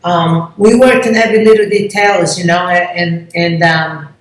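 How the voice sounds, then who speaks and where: A woman's voice: on the low side, steady tone, unhurried, slight background noise. A woman from Brazil, talking as an interview guest in an effusive, chatty way and acting out what people said. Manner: effusive, acts out quoted dialogue. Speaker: contest promoter, interview guest. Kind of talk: casual interview chat. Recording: very echoey room.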